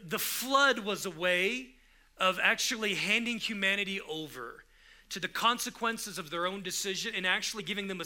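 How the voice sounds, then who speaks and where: A pastor with a high, pushed, bright voice preaches a conversational sermon. He keeps restarting his sentences and rises into emphatic bursts.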